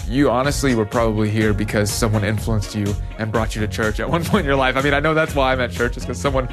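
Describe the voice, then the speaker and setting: Youth pastor, male, mid-pitched, chatty, animated sermon delivery, light music bed. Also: fast, hardly any pauses. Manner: conversational, animated storytelling.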